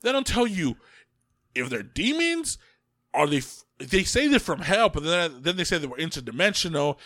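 A man co-hosting a casual podcast chat, profane and animated, often laughing. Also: a little high, normal speed, no room sound, clean studio sound. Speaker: podcast co-host.

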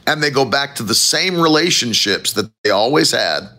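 A man preaching a sermon as pastor, with animated, emphatic rising phrases and a gravelly voice. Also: medium pitch, moderate pace.

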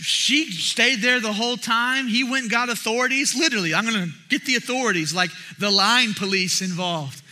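Bright, high-voiced young preacher. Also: male voice. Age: young adult. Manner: animated storytelling, shouting when acting out others. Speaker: pastor. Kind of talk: sermon.

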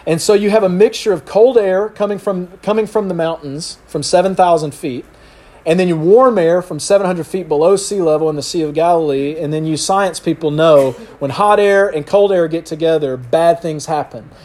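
Animated higher-voiced male preacher. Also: normal speed. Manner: animated storyteller acting out quotes. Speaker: pastor. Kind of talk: sermon.

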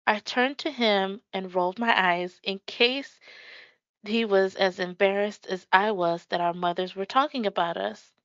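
A woman reading a first-person children's story aloud in a calm, measured storytelling voice. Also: medium pitch, clean tone, no echo. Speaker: audiobook narrator. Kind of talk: first-person audiobook narration. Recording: dry, slightly muffled.

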